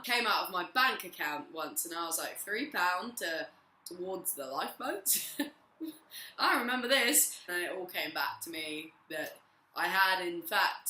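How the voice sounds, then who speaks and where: A young woman in her twenties chatting casually to camera as a vlogger, giggly and rambling, her voice a little hoarse. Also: medium pitch, pushed and bright. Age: 20s. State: voice going hoarse. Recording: roomy echo.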